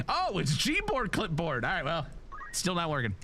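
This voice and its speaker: A man's voice: fairly high pitch, creaky, slight background noise. A man streaming a game live, chatting casually and jokingly straight to his viewers. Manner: animated, joking, talks straight to chat.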